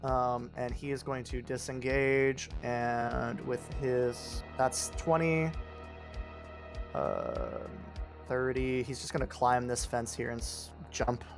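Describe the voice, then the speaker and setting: A man running a tabletop game as game master, relaxed and full of fillers while narrating the enemy's moves. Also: mid-range voice, slow, creaky, music in the background.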